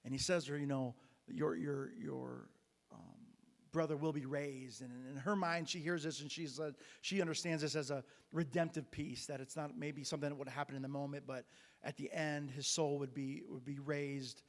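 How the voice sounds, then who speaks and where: A man's voice: fairly high pitch, fairly even intonation, normal speed, big-room sound. A man preaching a sermon as pastor, retelling a Bible story in a conversational way with frequent restarts and fillers. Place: church sanctuary.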